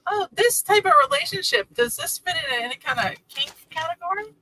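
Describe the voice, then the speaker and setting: A woman's voice: extremely high pitch, lively intonation, brisk, sharp tone, slight background noise, low-quality recording. A woman co-host dropping wry asides and laughing on a comedy talk show.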